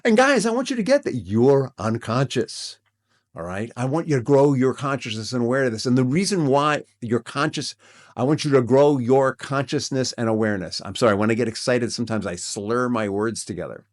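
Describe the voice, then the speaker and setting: A man speaking in an average-pitched voice, hosting a relationship coaching podcast. He talks earnestly and gets excited, circling back and repeating phrases as he goes. He often tags his points with "right?". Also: moderate pace. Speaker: podcast host.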